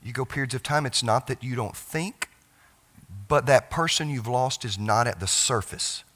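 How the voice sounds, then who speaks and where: Bright-toned man preaching tenderly. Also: medium pitch. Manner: emotional storytelling, halting restarts, trailing off softly. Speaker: pastor. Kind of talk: sermon. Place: church sanctuary.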